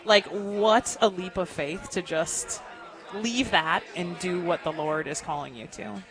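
A woman's voice: lowish voice, unhurried, a bit bright. A woman hosting a talk radio interview, gushing and chatty with lots of fillers. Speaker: radio show host.

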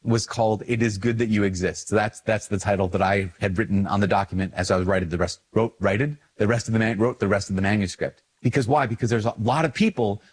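Lowish husky priest guy rambling in a video, pokes fun at himself, lots of um and like. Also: fast talker, few pauses. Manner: animated, self-mocking, rambling with fillers. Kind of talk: casual video talk to camera.

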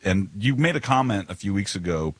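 A man co-hosting a podcast in casual chat, animated and eager, often restarting his sentences. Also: on the low side, a little fast, no room sound. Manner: animated, eager, stumbles over words. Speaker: podcast co-host.

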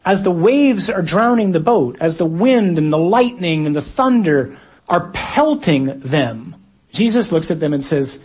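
Man preaching, kinda high husky voice, goes soft then suddenly loud. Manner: reflective, dramatic shifts from quiet to loud. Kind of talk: sermon.

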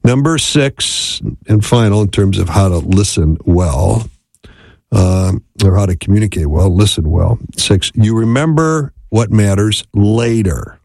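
A man's voice: lowish voice, measured pace, creaky, a little mellow, no room sound. A man giving a conversational talk on listening in marriage, often checking in with the listener. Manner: conversational, repeats "right?" to check in. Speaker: marriage teacher. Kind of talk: instructional talk.

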